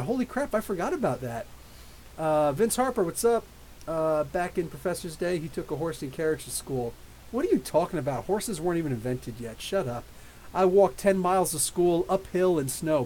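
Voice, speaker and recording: A man in his thirties hosting a live podcast, reading viewer questions and telling rambling, animated stories. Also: a little high, rough recording. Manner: rambling, animated storytelling with laughs. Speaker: podcast host. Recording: faint hiss.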